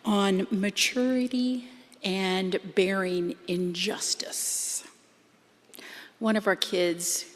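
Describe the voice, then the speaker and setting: A middle-aged Canadian woman preaches a sermon in a church sanctuary, her lowish voice chatty and self-deprecating. The recording carries a long hall reverb and a faint hiss or hum.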